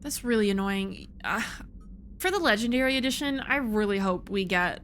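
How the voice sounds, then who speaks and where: A woman's voice: mid-range voice, lively intonation, normal speed, fairly bright tone, a little hiss or hum. A woman streaming a video game, chatting casually, frustrated and swearing freely. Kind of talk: casual let's-play commentary.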